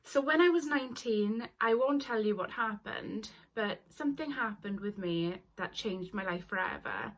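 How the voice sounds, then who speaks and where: A woman's voice: on the high side, expressive, moderate pace, few pauses. A young woman in her twenties telling a personal story to camera, earnest and apologetic, tearful at times. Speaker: vlogger.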